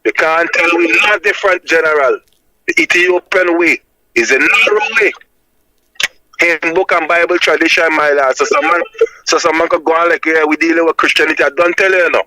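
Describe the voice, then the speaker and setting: Insistent high-voiced Jamaican man preaching. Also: normal speed, pushed and bright, rough recording. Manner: emphatic and insistent, repeating "my lad" as a tag. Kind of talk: preaching-style reasoning.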